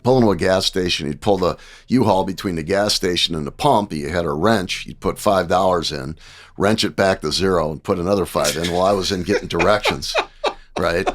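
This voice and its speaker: A man in his sixties from the American Midwest, telling lively anecdotes as a podcast guest and often checking in with "right?". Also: low-pitched, a little fast. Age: 60s. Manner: animated anecdotes, acting out dialogue, frequent "right?". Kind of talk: casual storytelling.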